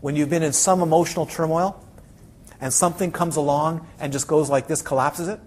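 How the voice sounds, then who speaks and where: A man's voice: on the high side, brisk. A man teaching a Buddhist class to a room of students, asking them many questions and acting out little quotes. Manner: animated, asks the audience many questions, acts out quotes. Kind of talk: dharma talk to a class.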